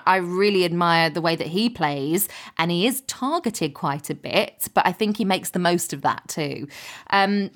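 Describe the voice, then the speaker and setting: A woman with a fairly low voice sharing sports opinions in casual, reflective chat. She muses aloud, weighing one point against another. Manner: thoughtful, musing opinions. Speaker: podcast co-presenter.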